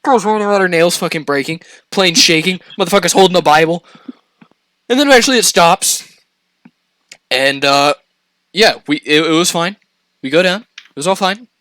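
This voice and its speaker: A young man casually telling a story on a podcast, animated and profane, laughing as he goes. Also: high-pitched, moderate pace, pauses often, dry recording.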